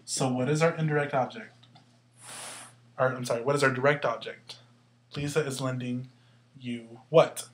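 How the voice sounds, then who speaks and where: A man teaching a language lesson step by step, asking questions and answering them himself and slowly sounding out words to show where the stress falls. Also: mid-range voice, fairly even intonation. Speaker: Spanish teacher. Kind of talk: explaining grammar step by step.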